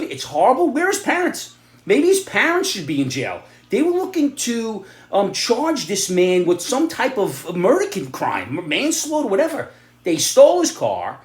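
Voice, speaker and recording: A middle-aged man rants in a blunt, sarcastic monologue, his pitch swinging widely from low grumbles to sharp, loud jabs. He speaks in an echoey room. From New York area. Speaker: vlogger giving opinions and advice. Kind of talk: ranting opinion monologue.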